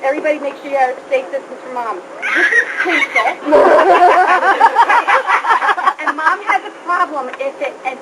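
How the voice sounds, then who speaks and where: A woman's voice: high-pitched, moderate pace. A middle-aged woman giving a comic roast speech, joking and laughing often, at a live party. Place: party hall with audience. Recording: live room, loud crowd and noise. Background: loud laughing crowd.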